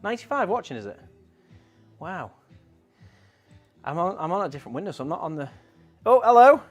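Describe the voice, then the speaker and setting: A man's voice: a little high, big pitch swings, fairly quick, fairly bright tone, soft background music. Chatty man hosting a live stream. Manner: chatty and rambling, reading out viewer comments. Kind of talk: casual live-stream chat.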